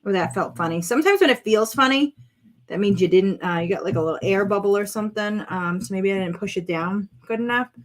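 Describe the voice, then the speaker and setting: Chatty and brisk, a woman with a mid-range voice crafts at home for her vlog. She narrates her own work in casual talk to viewers and exclaims over colors as she goes.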